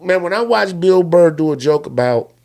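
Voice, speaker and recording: A man from Chicago, a comedian who is a guest on a podcast, telling stories in casual chat. His delivery is animated, dropping low and quiet before rising loud and excited. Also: moderate pace, vocal fry. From Chicago, United States.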